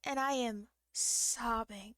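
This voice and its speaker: A woman's voice: a little high, fairly even intonation, slow pace, bright, forceful tone, dry recording, studio quality. A young woman streamer telling a story in a casual, rambling way, full of fillers and restarts and vivid, emotional retelling.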